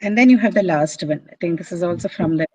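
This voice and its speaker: Low-voiced woman teaching a class. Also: fast talker, darkish tone, slightly rough, no echo, poor audio. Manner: explanatory, patient, checks understanding with "right?". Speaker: English literature teacher. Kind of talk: classroom lecture.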